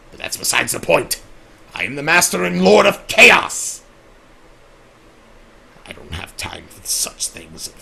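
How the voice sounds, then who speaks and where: A man's voice: sits high, gravelly, pushed and bright, slight background noise, full character voice. A man voicing Discord, a vain, theatrical male chaos spirit who calls people darling, drawls, sighs and laments melodramatically, in an improvised in-character Q&A livestream. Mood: smug, theatrical.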